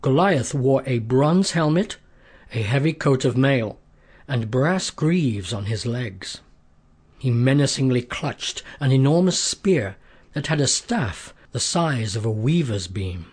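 A man narrating a scripted story in a steady, measured way, with a husky voice. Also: medium pitch.

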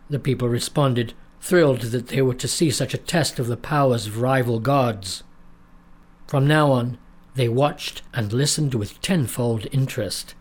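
A man reading a storybook aloud in a measured, dramatic narrating style. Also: medium pitch.

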